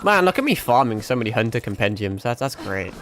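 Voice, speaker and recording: A man's voice: medium pitch, big pitch swings, fairly quick, over music. A man born in Britain, streaming a game, chatting in a rambling, sweary, self-mocking way. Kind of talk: casual gameplay commentary.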